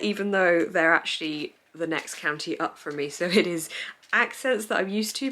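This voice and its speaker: A woman's voice: fairly low pitch, pushed and bright. A young woman chatting casually on her reading vlog, rambling, giggly and easily sidetracked. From England. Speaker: book vlogger.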